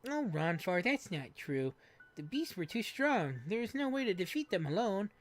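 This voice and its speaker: A woman reading a gentle young girl. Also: mid-range voice, sing-song, normal speed, pitched above the performer's own voice, natural voice. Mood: tender. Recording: faint game music behind.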